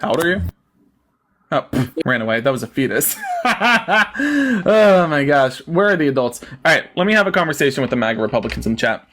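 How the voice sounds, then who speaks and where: A man's voice: on the high side, big pitch swings, fairly quick, a bit bright. Sarcastic man hosting a live debate. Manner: sarcastic, mocking, jumps between a put-on folksy drawl and plain talk. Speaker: livestream debate host. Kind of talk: live-stream political debate.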